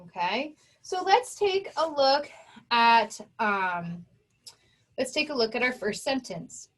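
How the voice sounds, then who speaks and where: A woman's voice: fairly high pitch, very animated, slow pace. A woman teaching a children's phonics lesson, patiently sounding out words and spelling them letter by letter.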